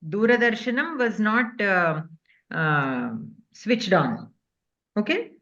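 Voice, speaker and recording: A woman's voice: mid-range voice, very animated, slow pace, fairly bright tone, muffled recording. A woman teaching Sanskrit grammar in an online class, explaining patiently and checking in with her students often.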